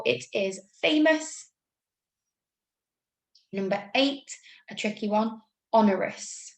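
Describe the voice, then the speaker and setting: A woman's voice: medium pitch, creaky, darkish tone, echoey room, rough recording. A woman teacher with an English accent, giving a remote spelling lesson to young pupils in an upbeat, patient way. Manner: upbeat, talks slowly through spelling rules. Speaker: primary school teacher.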